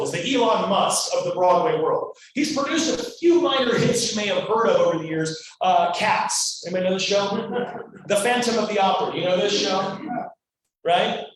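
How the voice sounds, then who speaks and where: A man from Louisiana giving a motivational storytelling speech, animated and acting out every character in his story. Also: high-pitched, a little fast. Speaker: guest speaker. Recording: echoey hall, mic far off, faint noise.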